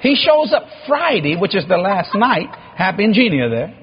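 A man's voice: sits high, sing-song, moderate pace, breathy edge, lo-fi sound. A man, a pastor telling a story in a sermon, acting out the dialogue and laughing often. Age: 50s.

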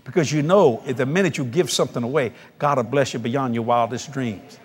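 A male preacher telling a story in a televised sermon, animated and laughing, with bursts of shouting. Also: mid-range voice, brisk.

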